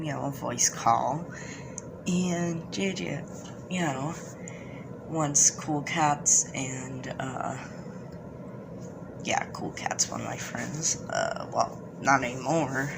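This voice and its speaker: A man's voice: medium pitch, slow, vocal fry, noisy background. A man telling a story casually to viewers, rambling with many restarts. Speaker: video creator.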